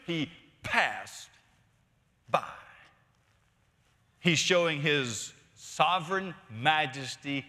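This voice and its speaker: A man preaching a sermon as pastor, emphatic, swinging from loud to hushed and repeating words for stress. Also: a little high. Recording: long reverb of a large hall.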